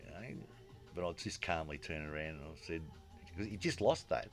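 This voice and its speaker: This is a man with a strikingly deep, low voice, telling a rambling story in relaxed conversation. He acts out the lines of the people in it and keeps saying "you know". A faint bed of music plays behind him. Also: fairly quick. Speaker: guest storyteller. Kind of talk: casual storytelling chat.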